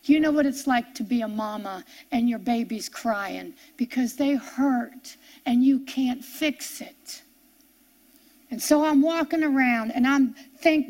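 A middle-aged woman preacher giving an earnest sermon testimony, storytelling with halting restarts and building to impassioned preaching. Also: high voice, a bit bright.

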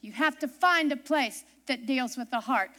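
A woman's voice: high-pitched, normal speed, pushed and bright, faint music behind. A woman preaching a sermon, emphatic and repeating her key phrases for weight.

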